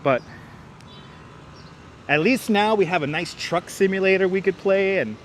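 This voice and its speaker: A man's voice: high voice, a little slow, slight background noise. Chatty man streaming from a city street. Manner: chatty, rambling, often repeats himself. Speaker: livestream host. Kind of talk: casual live walking commentary. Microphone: wireless clip-on mic.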